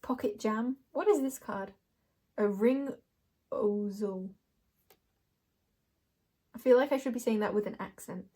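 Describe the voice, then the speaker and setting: A woman's voice: medium pitch, measured pace, pauses often, warm tone, slightly rough. A young woman doing a casual card reading, playful and rambling, laughing often as she talks to herself and the viewer. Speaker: tarot reader.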